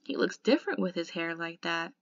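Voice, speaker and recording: A woman voicing a tough, gruff teenage greaser boy who talks in curt slang. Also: on the low side, lively intonation, brisk, no echo, lo-fi sound.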